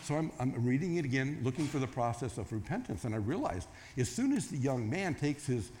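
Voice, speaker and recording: A man's voice: mid-range voice, brisk. A man preaching a sermon, telling a story casually and acting out the voices in it. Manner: storytelling, acts out quoted voices with rising excitement. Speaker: pastor.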